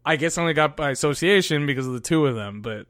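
A man co-hosting a podcast, giving relaxed, rambling takes with easy laughs. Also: a little high, fast talker, dry recording, studio quality. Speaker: podcast co-host. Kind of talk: casual recap chat.

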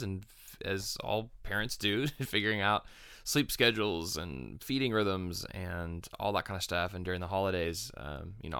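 A man's voice: deep voice, gravelly, pushed and bright, smooth, dry recording, studio quality. A young adult man with a Texan accent, a guest singer-songwriter chatting in an easygoing way in an interview. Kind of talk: casual interview chat.

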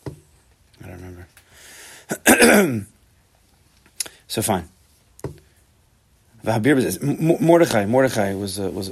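A man giving a Torah class, animated and emphatic, often restarting his sentences. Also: lowish voice, gravelly. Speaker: Torah teacher.

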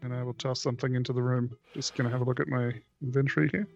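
A man playing in a tabletop game, thinking out loud in a hesitant, laughing, casual way. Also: mid-range voice, fairly even intonation, rapid-fire, vocal fry, highs cut off. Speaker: player. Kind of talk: casual play chat. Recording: faint music behind.

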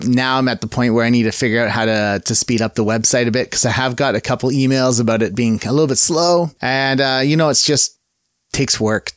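A man's voice: medium pitch, a bit bright, no room sound, clean studio sound. A man hosting his own podcast in a casual solo chat. He rambles in an upbeat way and often corrects himself mid-sentence. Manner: rambling and upbeat, with many fillers and self-corrections. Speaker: podcast host.

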